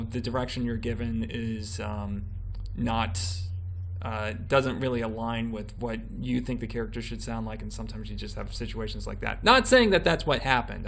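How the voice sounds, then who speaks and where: A man's voice: medium pitch, vocal fry, a little hiss or hum. A man hosting a podcast in casual chat, hesitant with many restarts as he moves through the topics.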